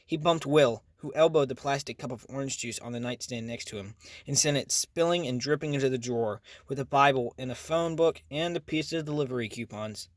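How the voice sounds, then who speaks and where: A man reads a first-person story aloud at a medium pitch, steady and even. The sound is close and dry, with no room echo. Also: brisk, hardly any pauses. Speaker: audiobook narrator. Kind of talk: first-person audiobook narration.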